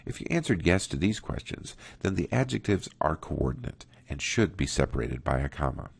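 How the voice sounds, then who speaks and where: Man, writing instructor, very deep voice, lively pitch, dry close sound. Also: gravelly, breathy edge, no room sound. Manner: slow, deliberate, reads example sentences aloud. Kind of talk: recorded grammar lesson.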